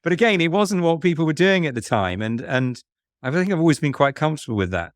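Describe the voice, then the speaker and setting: A man being interviewed about investing, speaking in a musing, halting way with many restarts. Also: fairly high pitch, big pitch swings, no room sound, studio quality. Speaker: fund manager guest. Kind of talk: conversational podcast interview.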